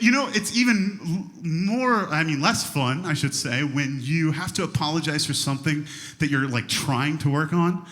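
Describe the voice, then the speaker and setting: A youth pastor in his thirties tells a funny story during his sermon, animated and laughing as he jumps into high, exaggerated voices for the quoted lines. The recording carries a long hall reverb.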